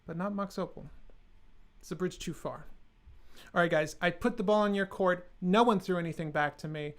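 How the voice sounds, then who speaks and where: Male streamer, higher-pitched voice, casual and sarcastic, chatting with a live audience. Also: normal speed, a bit bright. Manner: joking, sarcastic, talks to chat.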